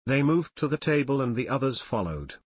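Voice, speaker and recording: A man narrating an audiobook in a steady, solemn way. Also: medium pitch, fairly quick, breathy edge.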